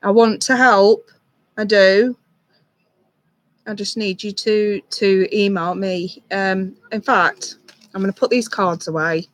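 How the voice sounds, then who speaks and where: A tarot reader on a live stream, talking softly and reassuringly to a viewer, with many ums and restarts. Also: mid-range voice, fairly even intonation, slow, slight background noise.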